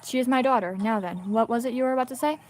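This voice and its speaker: A woman's voice: a little high, rapid-fire, a little hiss or hum, close to an everyday voice. A woman voicing a stern, formal middle-aged female spirit medium who speaks stiffly and politely. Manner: stiff, formal, addresses others as good sir.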